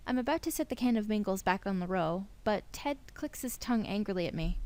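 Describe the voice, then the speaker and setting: In a let's play, a young woman voices a visual novel's narration with expressive, playful flair. Her pitch is medium, and she keeps a brisk pace with few pauses.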